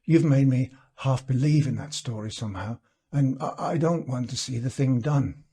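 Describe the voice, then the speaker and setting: A man reading the part of an earnest, uneasy gentleman who speaks with pleading intensity. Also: medium pitch, normal speed, slightly rough.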